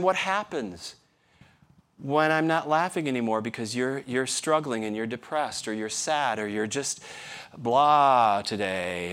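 A man's voice: a little high, fairly bright tone. A middle-aged man, a pastor, giving a conversational sermon full of rhetorical questions and wry self-deprecating humor.

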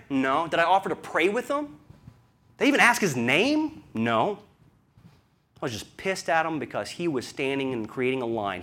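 A man's voice: on the high side, sharp tone. A man from the American South with a Southern accent, preaching a sermon in a conversational storytelling way, full of rhetorical questions. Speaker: pastor.

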